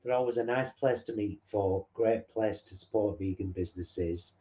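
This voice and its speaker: Deep, mellow man. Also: moderate pace, highs cut off. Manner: chatty, down-to-earth banter. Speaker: co-host of a live stream. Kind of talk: casual live-stream chat. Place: home lounge.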